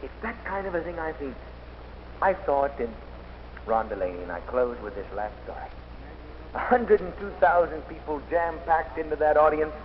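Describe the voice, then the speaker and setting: A man with a fairly high voice tells stirring sports stories in an inspirational speech, swinging from loud excitement to hushed intensity. The recording is old and dull, with a long echo that carries through a large hall and a faint hiss underneath. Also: moderate pace. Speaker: athlete giving an inspirational speech.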